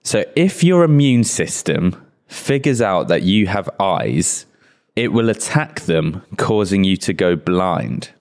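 A man's voice: low-pitched, big pitch swings, takes it slowly, a little mellow. A man co-hosting a podcast in casual, crude banter, swearing and joking as he explains facts. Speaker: podcast co-host.

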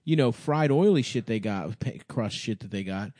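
A man's voice: lowish voice, animated, normal speed, warm tone, no echo, studio quality. A man co-hosting a comedy podcast, swearing freely and swinging between casual talk and mock outrage. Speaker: podcast co-host.

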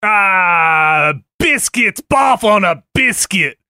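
A man's voice: high-pitched, expressive, very slow, vocal fry, sharp tone, clear, resonant tone, dry recording, clean studio sound, voice pushed up, exaggerated voice. A man voicing a boisterous Australian bloke with a hammy, exaggerated mock Australian accent. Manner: hammy, exclamatory, jokey.

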